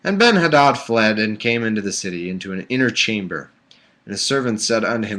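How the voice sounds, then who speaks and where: Man, livestream host, bright voice, lively pitch, bible reading with sarcastic asides. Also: brisk. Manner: mock-solemn scripture reading broken by sarcastic jokes. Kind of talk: casual reading with joking asides. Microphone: webcam or desk mic on a home livestream.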